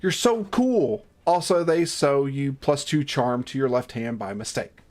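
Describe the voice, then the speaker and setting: A man's voice: medium pitch, moderate pace, darkish tone. Joking, cursing male streamer. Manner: jokey, swears a lot, theatrical outbursts. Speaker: streamer narrating a game. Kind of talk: casual live-stream chat and game narration.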